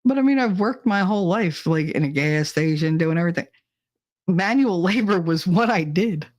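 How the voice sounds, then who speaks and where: A middle-aged woman co-hosting a podcast, telling stories in casual chat with a blunt, profane and animated manner. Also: lowish voice, moderate pace. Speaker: podcast co-host.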